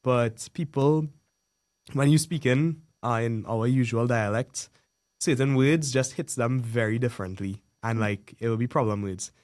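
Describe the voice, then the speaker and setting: A young man from Trinidad chatting casually on a student podcast, telling stories in a relaxed way. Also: medium pitch, a little slow, no echo, studio quality. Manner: relaxed, storytelling, mimics relatives. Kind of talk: casual chat.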